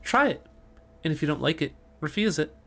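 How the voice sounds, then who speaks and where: A man reading the lines of a gentle, enigmatic young woman with a soft, coaxing delivery. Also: a little high, expressive, brisk, vocal fry, voice pushed up.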